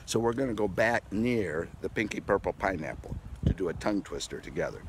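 A man who is a pastor, giving a playful, animated children's message outdoors in his garden at home. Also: low voice, brisk, noisy background. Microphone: handheld camera.

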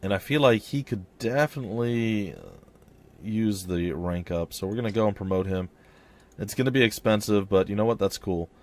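A man's voice: lowish voice, moderate pace, darkish tone. A young man hosting a let's play, chatting casually about his choices and reading the game's text aloud. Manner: chatty, reads in-game text aloud and voices characters lightly. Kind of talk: casual gameplay commentary with dialogue read aloud.

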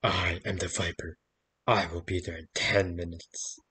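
A man voicing a creepy male phone caller in a spoken campfire story, low and slow. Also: little pitch movement, bright, forceful tone, breathy edge, exaggerated voice.

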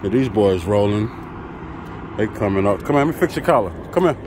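A man's voice: on the low side, animated, a little fast, noisy background. A man, a truck driver vlogging casually outdoors, laid-back and chatty as he talks straight to his viewers. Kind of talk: casual vlog talk to camera. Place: outdoors by a truck at a loading site.

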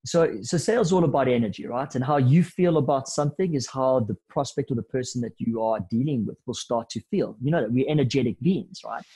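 A man in his thirties, a podcast guest telling anecdotes in a lively, casual way with bits of slang. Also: medium pitch, a little fast, few pauses, slightly rough, low-quality recording. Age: 30s. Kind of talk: storytelling in a podcast interview.

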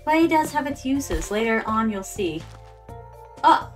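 Chatty higher-voiced woman streamer. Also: very animated, unhurried, faint music behind. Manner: chatty, talks to chat as "my darlings"; drops in Japanese words. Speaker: VTuber streamer. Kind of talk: casual gameplay commentary.

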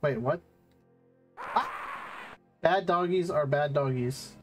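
A man's voice: on the high side, takes it slowly, over music. Young man streaming a game, swearing freely. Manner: swears often, reacts loudly, coos at a dog in the game. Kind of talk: casual let's-play commentary.

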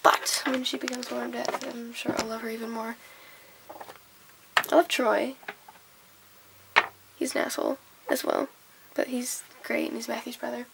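A young woman vlogger, sick and hoarse, chatting in a rambling, scattered way and giggling as she loses her train of thought. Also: fairly high pitch, level tone, moderate pace, long pauses, background noise. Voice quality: gravelly. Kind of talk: casual chat.

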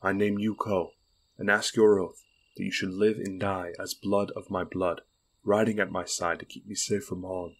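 A man reading the part of a resolute, commanding young queen in an audiobook, speaking in measured, solemn declarations. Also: level tone. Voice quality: low and husky.

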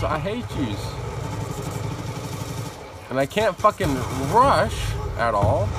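Profane, animated male game streamer. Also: fairly high pitch, a little slow, long pauses. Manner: profane, animated trash talk. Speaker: live streamer. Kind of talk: casual gameplay commentary.

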